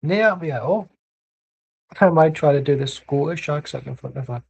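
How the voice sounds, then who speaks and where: A man's voice: fairly high pitch, moderate pace, gravelly, darkish tone, slightly rough, poor audio. A man doing casual live match commentary from home, rambling and blunt with plenty of swearing. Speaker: watchalong streamer.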